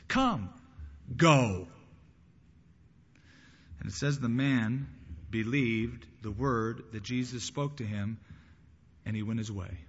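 A man's voice: mid-range voice, a bit bright, husky. Preaching man in a reverberant hall. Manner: preaching with rising bursts and acted quotes. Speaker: pastor. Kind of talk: sermon. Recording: lo-fi church hall with long reverb.

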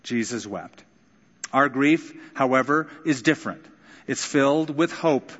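A man preaching a sermon in a long, ringing hall, his voice caught on a muffled, dull recording. He is expressive, lifting his voice high when he acts out quotes and dropping low for quiet moments. His pitch sits in an ordinary middle range. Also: normal speed. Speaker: pastor.

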